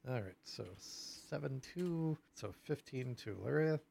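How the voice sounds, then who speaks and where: A man narrating as game master of a tabletop game, casual and halting, full of fillers. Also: medium pitch, expressive, creaky, a little mellow, slight background noise.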